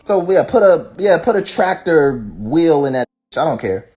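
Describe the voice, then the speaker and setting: A rapper ranting casually, profane and fired up, firing off rhetorical questions. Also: male voice, fairly high pitch, expressive, moderate pace, a little mellow, faint music behind. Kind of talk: casual rant.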